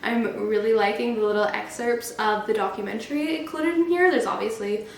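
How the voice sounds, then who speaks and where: A woman in her twenties talks casually to the camera, gushing and animated and swearing when excited. Her voice sits a bit high. The room is echoey. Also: fairly quick, gravelly, a little hiss or hum. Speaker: book vlogger. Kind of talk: casual vlog talk.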